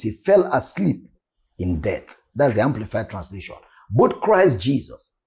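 A man's voice: mid-range voice, creaky, warm tone. A male pastor giving a devotional sermon, emphatic and repeating key phrases for weight.

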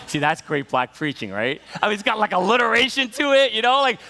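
A male pastor preaching a sermon in a relaxed, storytelling way, full of fillers, that builds to enthusiasm. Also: sits high, fairly quick, vocal fry, in a large hall. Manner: conversational storytelling with many fillers and rising enthusiasm. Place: church sanctuary.

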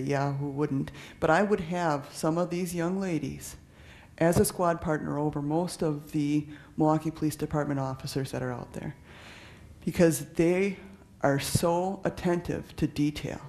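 A man's voice: fairly high pitch, creaky, darkish tone. A man who is a police officer giving an earnest, conversational public talk, often restarting and using fillers. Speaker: police officer speaking on trafficking.

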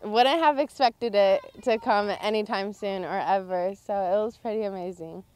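A teenage girl in a post-game interview about her softball team. She talks with bubbly excitement and fills her answers with "like" and "honestly". Her voice sits at an ordinary pitch for a young woman. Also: normal speed, a little hiss or hum. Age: teens. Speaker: high school softball pitcher.

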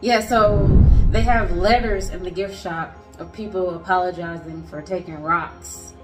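Female travel vlogger, chatty and playful, low-ish voice over clear background music. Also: fairly even intonation, unhurried. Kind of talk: casual chat.

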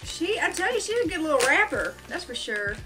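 A woman's voice: very high voice, big pitch swings, a little fast, music in the background. A woman chatting casually in a home vlog, gushing and exclaiming often. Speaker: vlogger.

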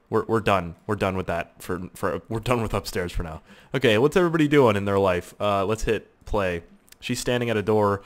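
A young man casually commenting on a life-sim game he is playing, swearing freely, joking and talking to his characters, swinging between mumbled asides and loud outbursts. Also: fairly low pitch. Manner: profane, jokey, talks to the game characters. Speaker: gaming YouTuber.

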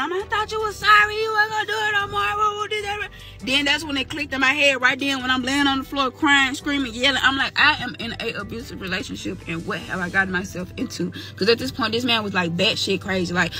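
A young woman from Mississippi recounts a personal story in a loose, slangy storytime, slipping into the voices of the people she quotes. Her voice is strikingly bright and sharp, with faint music playing underneath. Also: a little high. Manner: candid, slangy, animated retelling with quoted dialogue. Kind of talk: casual storytime.

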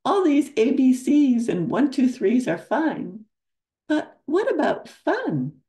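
A grandma putting on a bouncy excitable tiger. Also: female voice, sits high, slow, pitched above the performer's own voice, exaggerated voice. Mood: excited.

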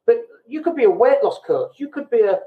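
Through thin, tinny, phone-line audio with clear room echo, a British man hosts a casual business podcast in a fairly high, sing-song voice, fairly quickly. He is blunt and self-deprecating, often joking about himself, and acts out the people he quotes.

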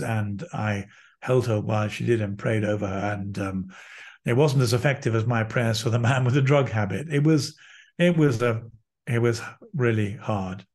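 A man who is a priest, a guest telling personal stories in conversation, earnest and lively, acting out what people said. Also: mid-range voice. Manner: earnest, lively anecdotes with acted-out quotes.

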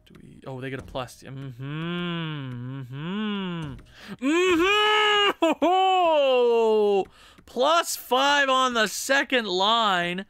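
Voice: mid-range voice, very slow, hardly any pauses, pushed and bright, smooth, dry recording. A gaming channel host giving casual, chatty gameplay commentary and laughing at their own jokes.

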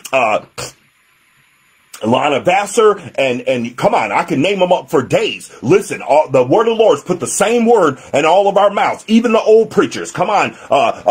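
A man's voice: high voice, slightly rough. A man preaching a sermon as pastor, emphatic, with a repetitive preaching cadence. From United States.

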